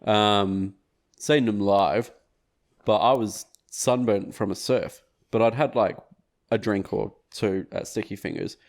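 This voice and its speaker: A young man with an Australian accent chats as a podcast guest in a slightly low voice. He is laid-back and mocks himself, laughing easily and swearing now and then. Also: fairly even intonation, takes it slowly. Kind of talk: casual chat.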